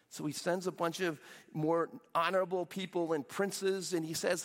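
A man delivers a sermon, his voice sitting a little high for a man. He retells a story with lively, playful asides and quick voices for the characters. The sound rings out with the long reverb of a large hall. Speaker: pastor.

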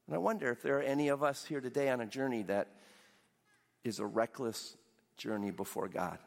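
A man's voice: medium pitch, brisk, big-room sound. A man preaching a sermon, retelling a story with playful voiced asides for the characters. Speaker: pastor.

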